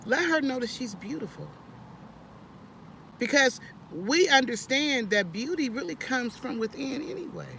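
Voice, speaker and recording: A woman talks in a casual, preachy vlog, animated and sermon-like, often restarting her sentences. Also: high-pitched, unhurried, creaky, slight background noise. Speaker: vlogger.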